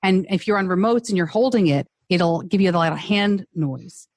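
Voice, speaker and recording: A woman's voice: fairly low pitch, normal speed, no room sound. Chatty woman podcast host, dry sound. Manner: chatty, animated, laughs often. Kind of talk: casual group chat. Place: home studio. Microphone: desk microphone on a stand.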